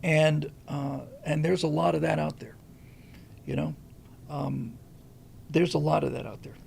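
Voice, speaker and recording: A man's voice: fairly high pitch, flat delivery, measured pace, vocal fry, a little mellow, a little hiss or hum. A man hosting a show, talking through a casual commentary monologue and telling a story in a rambling way, often restarting and repeating words. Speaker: show host.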